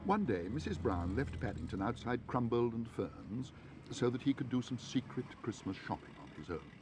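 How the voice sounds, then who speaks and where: Animated man reading a storybook aloud. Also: mid-range voice, moderate pace, music in the background.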